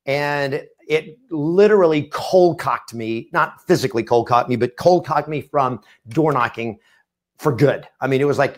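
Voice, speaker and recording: Emphatic middle-aged man coaching agents. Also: a little high. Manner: emphatic, repetitive, punchy delivery. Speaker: real estate coach. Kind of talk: motivational webcast presentation. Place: studio.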